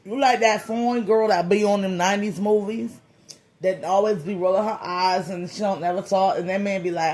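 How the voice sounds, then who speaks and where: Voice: medium pitch, fairly even intonation, moderate pace, a little mellow. A tarot reader giving a comedic reading in a loose, slangy, playful way, with profane jokes and lots of repeated phrases. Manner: profane joking.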